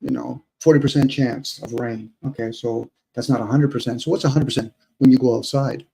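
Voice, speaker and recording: A man's voice: medium pitch, steady tone, a little fast, gravelly, dark tone, a little hiss or hum, rough recording. A man who is a guest on a live online panel, talking in a rambling, reflective way full of rhetorical questions. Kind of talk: casual live panel chat.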